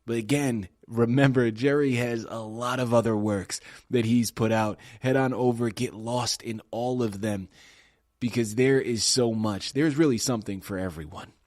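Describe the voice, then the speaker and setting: A man hosting a radio interview, wrapping up with an energetic, emphatic pitch aimed straight at the listeners. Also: normal speed, dry recording, clean studio sound. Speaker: radio show host. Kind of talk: interview host wrap-up.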